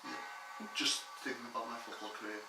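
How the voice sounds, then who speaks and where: A man's voice: mid-range voice, steady tone, fairly quick, pushed and bright, soft background music. A man co-hosting a casual comedy sports chat, joking and teasing the others. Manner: jokey, teasing, breaks into laughter. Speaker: co-host. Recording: echoey room, far from the mic, background noise.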